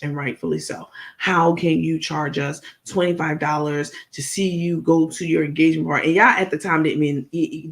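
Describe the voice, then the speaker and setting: Gravelly-voiced woman with animated profane commentary. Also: low-pitched. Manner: animated, profane, addresses viewers directly; playful, digressive storytelling. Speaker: commentary vlogger. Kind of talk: casual commentary vlog.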